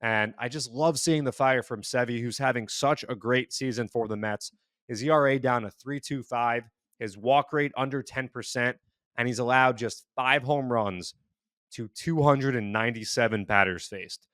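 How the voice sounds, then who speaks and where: A man hosting a casual sports podcast, recapping numbers in a steady, measured way. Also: mid-range voice, clean tone, no echo, studio quality. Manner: steady, stat-heavy recapping. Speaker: podcast host.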